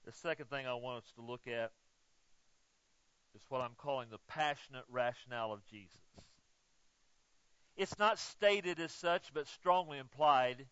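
A male pastor preaching a sermon, swinging between loud emphatic exclamations and hushed asides, and joking with the congregation. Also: mid-range voice, a little slow, pauses often, clear, resonant tone, no echo, dull audio. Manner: jokes with the congregation.

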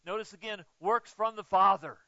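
Man, pastor, sermon, high voice, dry close sound, slightly dull recording. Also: normal speed, dry recording. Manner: dramatic swings from loud emphatic exclamations to hushed asides; jokes with the congregation.

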